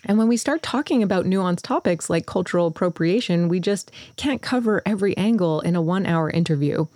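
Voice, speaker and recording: A woman's voice: lowish voice, animated, a little fast, a little mellow, dry recording. A woman hosting a podcast in her early morning voice, earnest and thoughtful as she talks through her thinking. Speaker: podcast host. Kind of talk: solo podcast introduction.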